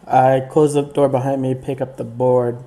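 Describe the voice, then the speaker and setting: A man plays a tabletop game and speaks hesitantly, with frequent stammers. His voice is mellow and dark, and his pitch stays flat. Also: moderate pace. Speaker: player.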